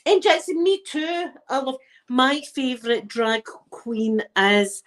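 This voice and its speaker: A woman's voice: sits high, lively intonation, slow, a bit bright. A woman with a Scottish accent chatting casually with her viewers from her living room, telling stories and laughing often. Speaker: live chat host.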